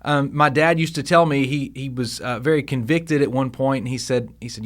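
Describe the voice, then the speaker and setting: A man hosting a devotional podcast, teaching scripture in a casual, animated way with frequent restarts. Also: medium pitch, fast talker, few pauses. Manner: conversational, animated, with fillers and restarts.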